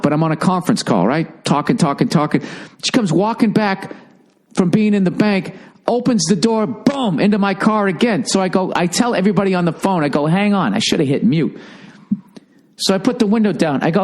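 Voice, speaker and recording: A man's voice: high-pitched, lively intonation, fairly quick, darkish tone. Profane ranting man, podcast host. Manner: acts out quoted exchanges. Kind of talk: casual comedic monologue.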